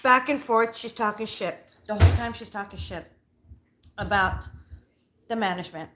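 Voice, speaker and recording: A woman's voice: medium pitch, moderate pace, pauses often, fairly bright tone, slight background noise. A woman hosting a livestream from home, telling a story in a blunt, profane, fired-up way. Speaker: livestream host. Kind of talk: heated casual rant. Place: at home with dogs nearby. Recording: roomy echoey sound.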